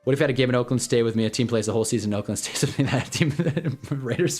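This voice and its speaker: A man's voice: medium pitch, steady tone, fairly quick, faint music behind. A man hosting a casual livestream watch-along, rambling and joking and laughing often. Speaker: livestream host.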